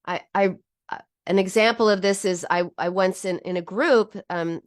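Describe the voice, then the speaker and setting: An earnest, heartfelt middle-aged woman gives a personal teaching talk about binge eating. Her pitch sits in the middle range, and she often restarts sentences as she goes. The recording is dry, with no room echo. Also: normal speed. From United States.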